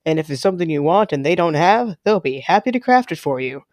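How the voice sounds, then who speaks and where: A man voicing a cheerful camper who delivers an enthusiastic sales pitch for a weapons workshop. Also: lively intonation, fast, dry recording, close to an everyday voice. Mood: promotional. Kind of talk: mock advertisement.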